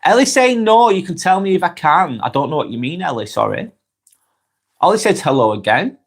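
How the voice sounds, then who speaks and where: A man with a Lancashire accent, hosting a calm live stream, reading viewers' comments aloud and chatting back in an unhurried way with lots of ums and restarts. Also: high-pitched. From North West England. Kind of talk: casual live-stream chat.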